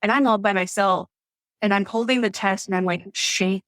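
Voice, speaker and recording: A woman's voice: medium pitch, fairly even intonation, fairly quick, fairly bright tone, no room sound. A woman who works as a nurse, telling her story as a podcast guest in a chatty way with many fillers. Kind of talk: casual storytelling interview.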